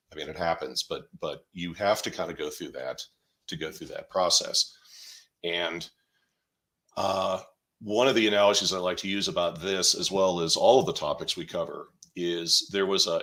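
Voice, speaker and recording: Low, bright-voiced man explaining at length. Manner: long, meandering explanations. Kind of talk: casual chat.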